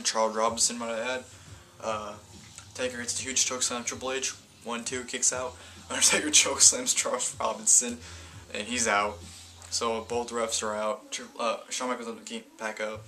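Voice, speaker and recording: Bright-voiced man rambling through a review. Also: mid-range voice, level tone, moderate pace. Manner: rambling, stumbling, self-correcting. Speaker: wrestling event reviewer. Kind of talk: casual video review.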